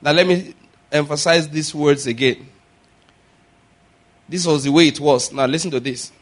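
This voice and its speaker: A man gives a sermon in a voice on the high side, keeping a steady tone and normal speed. He questions the congregation and has them repeat after him before swelling into loud, emphatic preaching.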